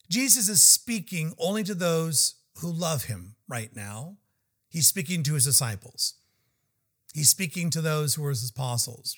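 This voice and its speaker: A man's voice: on the high side, fairly bright tone. A man preaching a verse-by-verse sermon in an earnest, emphatic way, walking through numbered points.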